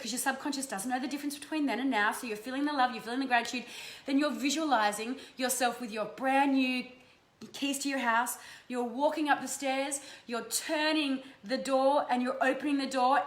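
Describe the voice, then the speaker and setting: An Australian woman hosts a live stream giving energy readings, chatting with viewers in a casual, affectionate way and swearing freely. Her voice is high-pitched, steady in tone, normal in speed, and a bit bright, heard with roomy echo and faint background noise.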